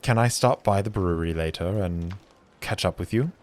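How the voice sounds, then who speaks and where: A man's voice: low voice, normal speed, lightly acted. A man voicing a reserved, polite young adventurer who now works as a mercenary. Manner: quiet, polite.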